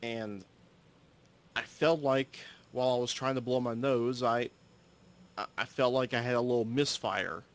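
Man, solo host, casual storytelling, mid-pitched, rambling, self-correcting, swears now and then. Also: steady tone, unhurried. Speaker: solo podcaster. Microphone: audio-only recording, no camera.

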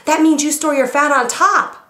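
An overexcited, flustered husband, as a woman puts him on in a high, squeaky voice. He rushes his words and piles on reassurances. The room has an echo. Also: a bit bright. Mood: eager, flustered. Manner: eager, overexcited. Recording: roomy echo.

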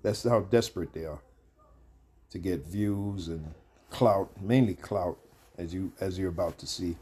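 A man's voice: low-pitched, a little slow, warm tone, breathy edge. A man giving loose, conversational preaching commentary on a video ministry, full of asides and fillers.

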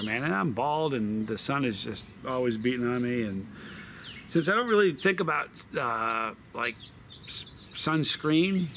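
A man's voice: on the high side, fairly bright tone, a little hiss or hum. A man reviewing hot sauce outdoors, talking in a rambling, chatty way with lots of fillers. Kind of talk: casual outdoor video review. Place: outdoors in a desert backyard with birds.

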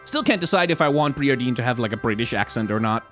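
A man's voice: medium pitch, expressive, fast, a bit bright, faint music behind. Rambling streamer man. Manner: rambling, self-interrupting. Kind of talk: casual chat while playing a game.

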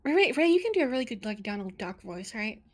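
A woman's voice: fairly high pitch, big pitch swings, fast talker. A young woman streamer chatting playfully with friends while playing a game, giggling and reading text aloud.

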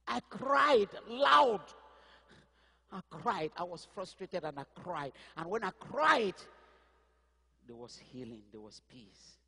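A man from Cameroon preaching a sermon, telling his own story, with quiet asides and sudden loud outbursts. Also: a little high, big pitch swings, a little slow, husky, long reverb tail. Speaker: pastor. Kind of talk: sermon testimony.

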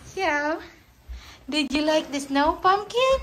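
A woman's voice: high voice, lively intonation, slow, fairly bright tone. A young adult woman and mother, chatting casually and cooing in baby talk to her children while filming a family home video on a phone.

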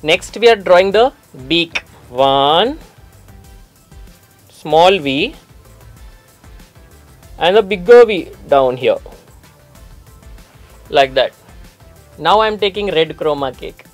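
A man's voice: a little high, lively intonation, slow pace, long pauses, soft background music. A man putting on a playful regional Indian accent as a chatty male makeup teacher, giving step-by-step instructions and stacking up "we are ...-ing" phrasing. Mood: playful teaching. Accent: regional Indian, put on. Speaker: makeup artist. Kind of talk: face-painting tutorial.

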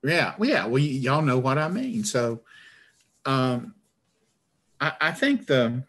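A man's voice: mid-range voice, sing-song, slow, a bit bright. Male author with a northern Alabama accent, stammering, self-deprecating, over a video call. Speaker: author guest. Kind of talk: conversational interview.

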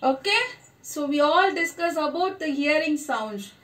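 A woman teacher giving an online lesson to young children, slow and encouraging, praising each answer. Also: high voice, animated, fairly bright tone, a little hiss or hum. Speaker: primary school teacher.

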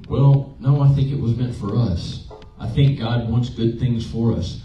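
In a church sanctuary, a male pastor delivers a conversational, emotional sermon built on personal stories and questions to the congregation. His dark, mid-range voice keeps fairly even intonation at a moderate pace with few pauses. There's slight background noise, and the recording is roomy, distant, and dull.

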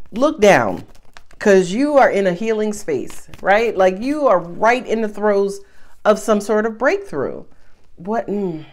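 A woman giving a casual tarot reading in a lively, chatty, playful way. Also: fairly high pitch. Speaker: tarot reader.

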